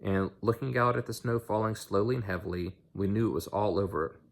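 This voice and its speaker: A man's voice: on the low side, fairly even intonation, brisk, creaky. A man reading a novel aloud in an unpolished way, with slips and restarts. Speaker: audiobook reader.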